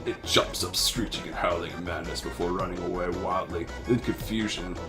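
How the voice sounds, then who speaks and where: Amateur man narrating a game, low voice, stumbles and jokes at himself, faint music underneath. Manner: halting, stumbling reading, self-mocking asides. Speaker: amateur voice actor reading a game. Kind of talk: reading game text aloud with asides.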